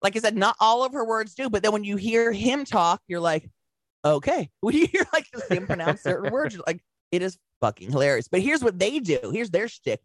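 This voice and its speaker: A woman's voice: medium pitch, fairly quick, no room sound. A woman co-hosting a podcast, telling stories in casual chat, acting out quotes and swearing freely. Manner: animated storytelling, acts out quotes, swears freely. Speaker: podcast co-host.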